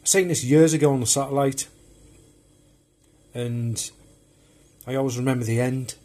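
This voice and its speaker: Husky, mellow man, rambling chat. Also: medium pitch, fairly even intonation, normal speed. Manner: rambling and chatty, loose and unpolished. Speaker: film collector vlogger. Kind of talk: casual show-and-tell of home video collection.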